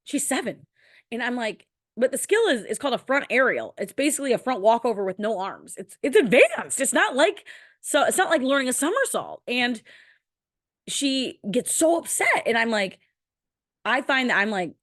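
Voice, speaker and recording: This podcast host, a woman in her thirties, has a fairly high voice and speaks at normal speed, very animated. The studio-quality recording has no room sound as she delivers a candid, emotional personal monologue, casually swearing.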